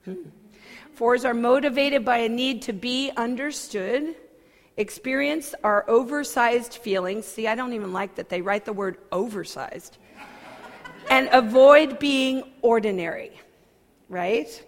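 A woman minister speaks to her congregation in a fairly high voice, expressive and self-mocking. She drops to soft asides, then breaks into loud outbursts. Her words ring out with a long hall reverb, as in a church. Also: measured pace. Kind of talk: personal sermon talk.

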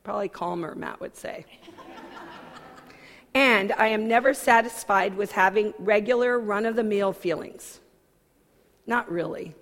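A woman church minister giving a personal sermon talk, expressive and self-mocking, swinging from soft asides to loud outbursts. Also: medium pitch, measured pace, pauses often. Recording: long hall reverb.

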